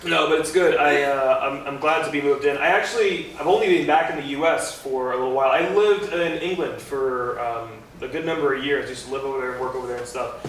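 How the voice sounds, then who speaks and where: A young man doing a stand-up comedy set, rambling and self-deprecating, halting with many fillers. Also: on the high side, a bit bright. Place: comedy club stage. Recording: echoey club recorded from far off with noise.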